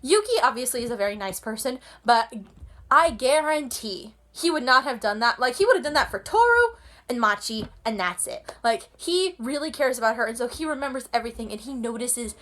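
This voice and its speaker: A woman's voice: a little high, lively intonation, fairly quick, fairly bright tone. A woman ranting casually about a show she loves, gushing and rambling, with frequent restarts. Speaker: anime vlogger. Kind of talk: casual rant.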